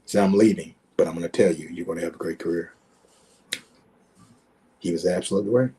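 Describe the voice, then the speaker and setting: A man in his sixties tells his stories as a podcast guest, his voice husky and warm rather than bright. He drives his points home by repeating words and acts out the conversations he quotes in full. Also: sits low, fairly even intonation, brisk. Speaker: guest, former pro running back. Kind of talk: podcast interview storytelling.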